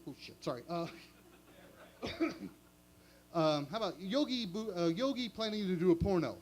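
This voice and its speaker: A man's voice: sits high, expressive, normal speed, long pauses. A man doing stand-up comedy at a small open mic, chatty and self-mocking. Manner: chatty, self-mocking, chuckles at own jokes.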